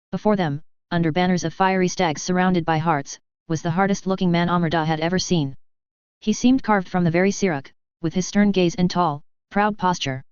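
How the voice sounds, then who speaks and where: Woman reading fan fiction, very clear voice. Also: fairly low pitch, a little mellow, no room sound, dull audio. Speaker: reader. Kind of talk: fan fiction audiobook narration.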